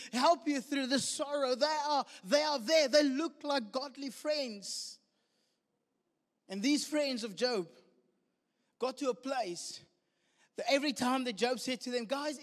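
Man preaching, high voice, South African English accent, long church hall reverb. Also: unhurried. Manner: animated preaching, acting out quoted voices. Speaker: pastor. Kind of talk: sermon.

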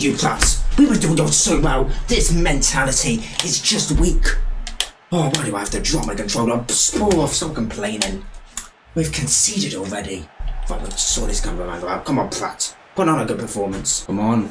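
Excitable young British gamer shouting commentary. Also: male voice, mid-range voice, normal speed, background noise. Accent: British English. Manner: excitable, shouting and cheeky trash talk. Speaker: gaming YouTuber. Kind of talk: live gameplay commentary. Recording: game music playing behind. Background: game music.

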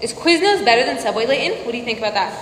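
A high-voiced young woman chats on a home live stream, playful and sing-songy. She sounds a little distant from the phone, and the room is echoey with a long tail. Faint noise hums under her voice. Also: expressive, very fast. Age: 20s. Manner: playful, sing-songy, breaks into humming and mock Spanish. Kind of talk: casual live-stream chat while walking on a treadmill. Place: indoor home room with treadmill.

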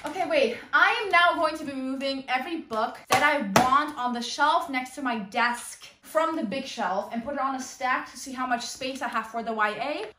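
A woman's voice: high-pitched, moderate pace, few pauses, pushed and bright, roomy sound, a little hiss or hum. A young woman chatting casually as a book vlogger, bubbly and chatty with dramatic exclamations, recorded in her bedroom. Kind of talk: casual vlog chat.

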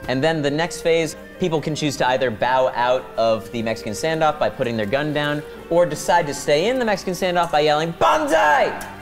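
A man hosting a board game show, explaining the rules in a fast, upbeat way. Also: fairly high pitch, soft background music. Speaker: host.

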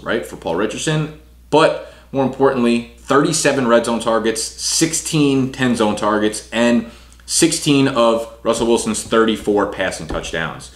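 A young man breaking down fantasy football rankings in a casual, talky way, full of "you know" and "right". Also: fairly low pitch. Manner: fast casual delivery with fillers like "you know". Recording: echoey room.

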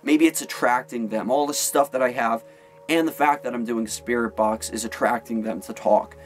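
A man's voice: medium pitch, normal speed, soft background music. A man talking casually to camera in an attic, rambling earnestly with many fillers. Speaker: paranormal vlogger. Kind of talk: casual vlog talk to camera.

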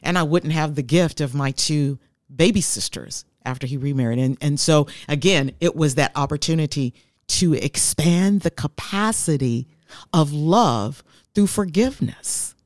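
A woman's voice: deep voice, a little slow, darkish tone, dry recording, studio quality. A woman in her fifties, a guest telling her life story in an interview, heartfelt and reflective.

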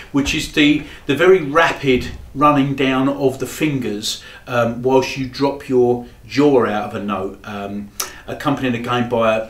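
A man, teaching saxophone in a halting, explanatory way with frequent pauses. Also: medium pitch. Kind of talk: demonstrating tutorial. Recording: echoey room with faint background noise.

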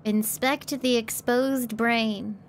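A woman's voice: fairly high pitch, steady tone, takes it slowly, a little hiss or hum. A woman streamer, ill with a throat infection, casually commenting on gameplay and teasing her chat. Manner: teasing, sardonic chatter at chat.

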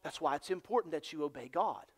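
A man preaching a sermon as pastor in a church, dropping to hushed near-whispers and then building to loud, excited storytelling. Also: on the high side, fast talker, breathy edge.

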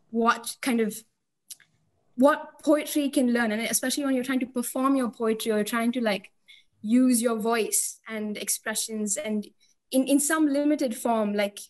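A woman's voice: fairly high pitch, rough recording. A young woman asking a question on a video call, hesitant and full of fillers as she searches for words. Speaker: audience member asking a question.

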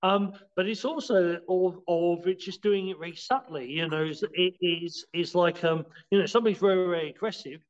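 Halting high-voiced man, lo-fi. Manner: halting, many restarts and "you know"s; explains by acting out scenes. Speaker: martial arts teacher, podcast guest. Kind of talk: casual podcast interview.

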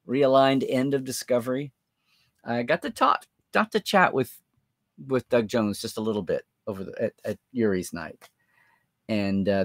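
A male live-stream host talks through viewer comments in a loose, rambling way, with lots of fillers as he thinks aloud. His pitch moves in a lively, animated way. The sound is close and dry, with no room echo.

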